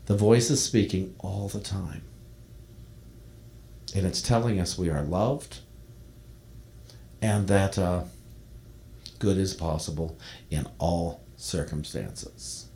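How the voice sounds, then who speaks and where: A man preaching a sermon, reading a devotional text aloud and then speaking gently to his congregation. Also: sits low, creaky, a little hiss or hum. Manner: reads a devotional poem aloud, then preaches in a soft, slowing voice. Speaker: minister.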